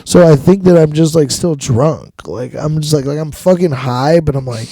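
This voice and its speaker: A man with a mellow, fairly high voice tells a rambling tale and laughs often. He swears freely in a loose podcast chat. The recording is dry and close. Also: dry recording, low-quality recording. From Washington state. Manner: profane, laughing often, drawn-out storytelling. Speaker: podcast host. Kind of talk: casual storytelling chat.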